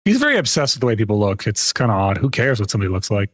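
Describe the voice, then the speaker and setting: A man's voice: on the low side, very animated, rapid-fire, no room sound, clean studio sound. A young man streaming a video game, chatting casually with viewers, laughing often and explaining game mechanics. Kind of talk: casual gameplay commentary.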